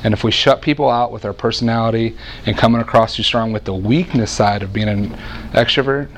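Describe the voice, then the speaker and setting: A man in his thirties delivers a sermon from a church stage, telling stories with a joking, lively energy. He often breaks off and restarts his sentences, and his voice sits at an ordinary middle pitch. A faint hiss of noise runs under the recording. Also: a little fast. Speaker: preacher.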